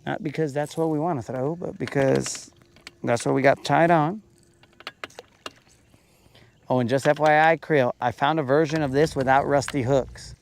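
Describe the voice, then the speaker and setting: A man's voice: on the high side, fairly even intonation, normal speed, gravelly, long pauses, slight background noise. A man hosting a fishing show, giving laid-back, joking commentary from a boat on a lake.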